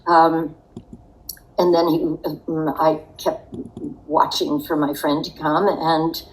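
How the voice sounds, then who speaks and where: A woman's voice: deep voice, little pitch movement, slow pace, rough recording. An older woman telling a personal story in a podcast interview, in a reflective, wry way. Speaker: interview guest.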